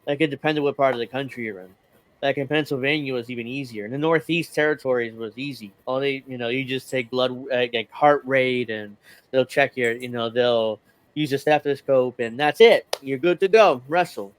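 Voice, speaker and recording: A man's voice: medium pitch, fairly quick. A male podcast host chatting casually, animatedly retelling a story and acting out the quoted lines. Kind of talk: casual chat.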